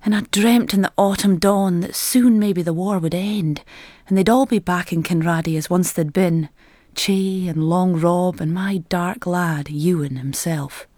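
A woman giving a reflective first-person narration in a quiet, measured, inward way. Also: lowish voice, fairly even intonation, no echo, clean studio sound.

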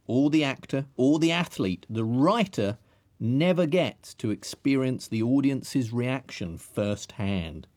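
A man from England, a writer narrating a scripted radio piece in a measured, reflective and wry way. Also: medium pitch, expressive, a little mellow, no echo.

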